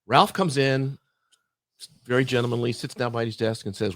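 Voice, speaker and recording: A man's voice: mid-range voice, normal speed, no echo, studio quality. A middle-aged man on a podcast, telling a work story in casual chat and acting out both sides of the dialogue. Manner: animated storyteller, acts out dialogue. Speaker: podcast guest.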